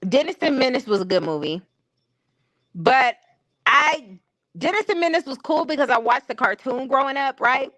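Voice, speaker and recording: A woman's voice: sits high, animated, normal speed, a bit bright, no echo, low-quality recording. A woman hosting a live stream, chatting casually in a candid, opinionated way with slangy everyday talk. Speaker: stream host. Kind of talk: casual chat. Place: home streaming setup.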